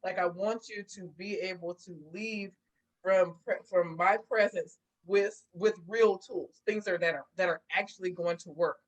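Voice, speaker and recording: A woman's voice: fairly low pitch, moderate pace, low-quality recording. A woman guest in a casual interview, telling stories with lots of laughter and acting out what people said. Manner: animated storyteller, laughs often, acts out voices. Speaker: guest therapist.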